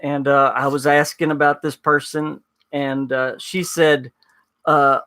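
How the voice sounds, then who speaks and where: A man's voice: fairly high pitch, little pitch movement, a little slow, pushed and bright, no room sound. A man with a Southern US accent, a pastor hosting a podcast, telling stories in a chatty way with fillers and laughter. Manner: chatty storyteller, laughs often, many fillers. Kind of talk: casual podcast chat.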